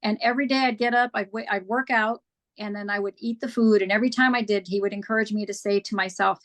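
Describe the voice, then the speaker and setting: A woman's voice: on the high side, steady tone, fairly quick, a bit bright. A woman guest on an interview show, telling her personal story in a candid, earnest way and acting out past conversations.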